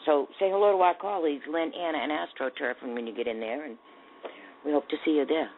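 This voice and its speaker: A woman's voice: deep voice, quick pace, a little hiss or hum. A woman hosting a talk radio show, giving indignant, sarcastic commentary. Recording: tinny phone-like audio.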